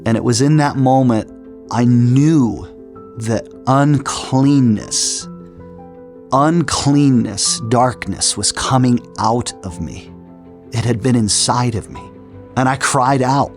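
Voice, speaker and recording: A middle-aged man gives his personal testimony as an earnest story, with many false starts along the way. He speaks in a mid-range voice at a measured pace while soft music plays in the background.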